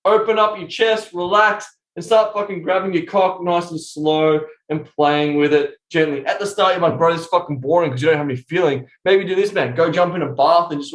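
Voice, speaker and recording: Brief: male coach, high-pitched, blunt and profane, podcast guest on a remote call, roomy echo. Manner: blunt, heavy swearing, animated. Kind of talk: casual podcast interview.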